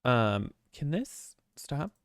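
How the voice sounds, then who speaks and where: A man's voice: mid-range voice, sing-song, very slow, smooth, no room sound, studio quality. A man streaming from his apartment desk, chatting in a rambling, jittery way with lots of swearing and self-mockery. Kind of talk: casual chat before a game stream.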